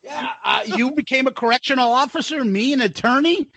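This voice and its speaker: Gravelly high-voiced man swearing and laughing. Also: brisk, fairly bright tone, a little hiss or hum. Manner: profane, laughing, tells stories. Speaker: podcast co-host. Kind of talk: casual chat.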